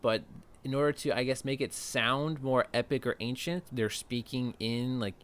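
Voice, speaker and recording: A man's voice: mid-range voice, steady tone, moderate pace, a bit bright, smooth. A man co-hosting a podcast, chatting casually about a film and thinking aloud with plenty of fillers. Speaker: podcast co-host.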